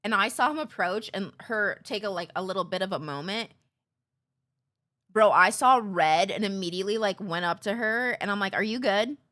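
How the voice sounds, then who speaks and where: A woman streamer telling stories in casual chat, animated and swearing freely. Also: medium pitch, normal speed.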